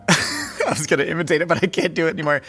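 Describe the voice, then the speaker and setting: A man's voice: on the high side, fairly even intonation, quick pace, fairly bright tone. Man, food show host, jokey and upbeat, presents each dish, faint music behind. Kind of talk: casual food show hosting.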